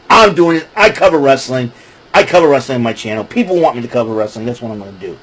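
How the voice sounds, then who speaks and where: A man's voice: mid-range voice, animated, fast talker, fairly bright tone, slightly rough, low-quality recording. A man hosting a casual wrestling recap show, talking in a rambling, chatty way. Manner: rambling, chatty, breaks into laughing fits.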